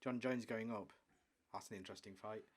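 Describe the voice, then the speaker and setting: A man co-hosting a podcast, chatting enthusiastically about sport and trailing off quietly at the ends of lines. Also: lowish voice, fairly even intonation, a little fast. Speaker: podcast co-host. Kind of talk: casual sports chat.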